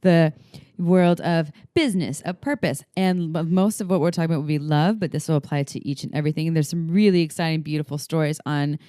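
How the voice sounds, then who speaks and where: An enthusiastic woman co-hosts a podcast, upbeat and quick to laugh. Her voice sits fairly low for a woman. It is recorded dry, with no room sound. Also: warm tone, dry recording. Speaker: podcast co-host. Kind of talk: casual chat.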